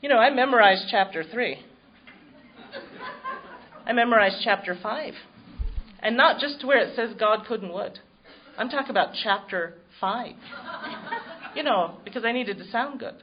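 A woman's voice: fairly high pitch, a little slow, long pauses, muffled recording, slight background noise. Woman sharing her story, wry and self-mocking. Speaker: recovery meeting speaker. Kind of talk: personal testimony to an audience.

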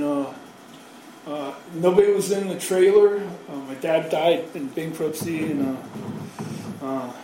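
A man's voice: high voice, a little mellow, a little hiss or hum. A man in his thirties telling his recovery story in a rambling, profane, self-mocking way. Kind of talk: personal storytelling. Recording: very echoey hall, from far off.

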